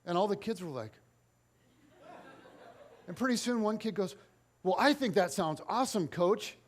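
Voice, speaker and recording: A man preaching as pastor, telling lively stories about kids in an animated way, at church. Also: high-pitched, moderate pace, a little hiss or hum. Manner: animated storytelling. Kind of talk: sermon.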